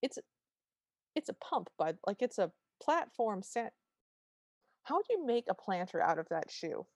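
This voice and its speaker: A mid-range female voice, unhurried and measured, belongs to a podcast co-host giving a casual recap of an episode. She acts out quotes with storyteller energy, captured in a dry, clean studio recording.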